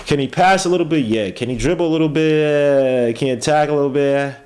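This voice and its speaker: Excitable man calling a live game. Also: a little high, a little fast. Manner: excitable, yells at plays, trails off mid-word. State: tired. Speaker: podcast host doing a game watch-along. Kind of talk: casual live play-by-play commentary.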